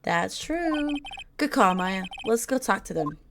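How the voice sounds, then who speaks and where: A woman's voice: mid-range voice, very animated, measured pace, recorded from a distance, noisy background. A woman voicing an earnest young male lawyer in a video game, speaking politely and a bit hesitantly, with game music behind.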